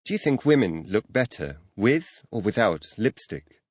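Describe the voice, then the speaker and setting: A man's voice: lowish voice, very animated, normal speed, breathy edge, no echo. A man reading the teacher's questions in a scripted audio language lesson, announcing new words between questions.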